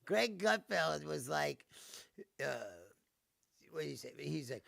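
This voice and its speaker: A man's voice: fairly high pitch, sing-song, normal speed, creaky, pushed and bright, dry recording, studio quality. A middle-aged man hosting his own show, ranting casually with lots of swearing and laughter, mocking and sarcastic. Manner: swears a lot and laughs often. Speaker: show host. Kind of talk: casual profane rant.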